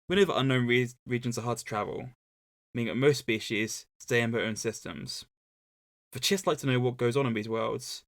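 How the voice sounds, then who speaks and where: A man's voice: medium pitch, creaky, dry recording. A man co-hosting a casual book-club podcast, recapping a novel's plot with dry, joking asides. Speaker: podcast co-host.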